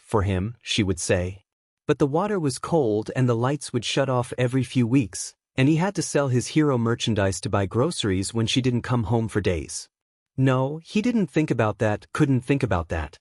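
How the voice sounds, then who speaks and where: Man narrating a dark story, dry close sound. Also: mid-range voice, no room sound. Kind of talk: reading fan fiction aloud.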